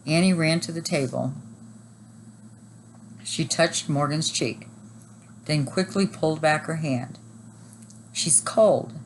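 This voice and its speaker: A woman teacher reading a chapter book aloud at a steady, even pace. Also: sits low, slow, long pauses, slight background noise, low-quality recording.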